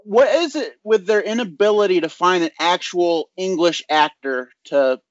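A man's voice: high-pitched, moderate pace, no echo, highs cut off. A man co-hosting a podcast in casual chat, wry and hesitant, often stammering on his words. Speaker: podcast co-host.

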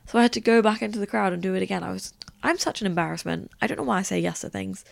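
A woman's voice: medium pitch, racing, creaky, no echo, clean studio sound. A young woman, hosting a podcast and telling stories in a chatty, rambling way with lots of "like". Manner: chatty, rambling, heavy use of "like". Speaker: podcast host. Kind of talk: casual storytelling chat.

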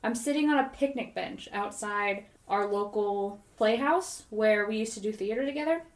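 A woman's voice: medium pitch, moderate pace. Rambling woman telling a dream, echoey. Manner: rambling, animated storytelling full of "like". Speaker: podcast co-host. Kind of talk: casual chat, telling a dream. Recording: roomy echoey recording.

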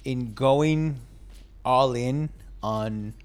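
A man's voice: medium pitch, very slow, smooth. Rambling man in gaming chat. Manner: rambling, restarts a lot, says "you know what I mean". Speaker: podcast co-host.

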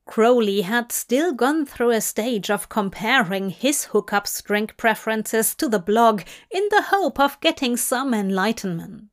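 A woman narrating a fanfic in a slow, measured reading. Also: on the high side, expressive. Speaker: fanfic reader. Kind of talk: scripted narration.

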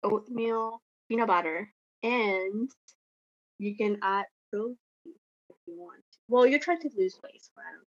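A woman co-hosting a casual podcast, relaxed and giggly, dropping in Spanish phrases. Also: medium pitch, a little slow. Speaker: podcast co-host. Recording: dry, dull lo-fi sound.

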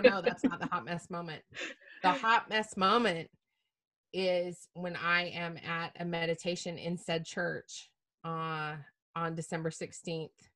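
A middle-aged woman telling a personal story as a podcast guest, animated and self-mocking, swearing casually. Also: low voice.

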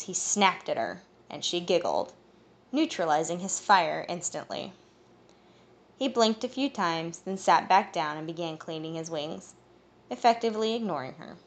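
A woman reading a fantasy audiobook in first-person narration, steady and even. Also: fairly low pitch.

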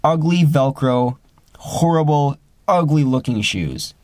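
A man's voice: lively intonation, slow pace, darkish tone, no room sound, studio quality. A young man casually telling a personal story, rambling with many fillers and restarts, and lifting his voice to act out the friends he quotes. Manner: acts out quoted friends with rising pitch.

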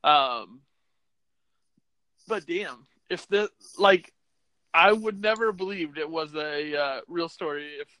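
A man's voice: a little high, pushed and bright, dry recording, rough recording. Laid-back man with a raised voice. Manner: laid-back, quick reactions, filler-heavy. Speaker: podcast host. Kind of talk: casual chat.

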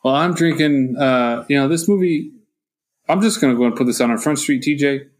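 A man's voice: mid-range voice, a little fast. Man co-hosting a profane casual podcast. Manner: profane, mock-exasperated ranting. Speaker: podcast co-host. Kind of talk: casual chat.

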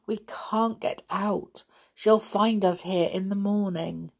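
A woman reading aloud puts on a mischievous little male pixie from a storybook, chatty and quick to swing from gloom to glee. The voice is slightly raised, unhurried and a touch husky. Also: mid-range voice, fairly even intonation. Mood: worried.

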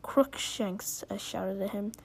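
A woman's voice: mid-range voice, flat delivery, normal speed, a little mellow, slight background noise. A young woman reading fan fiction aloud with giggly, dramatic line readings. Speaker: reader.

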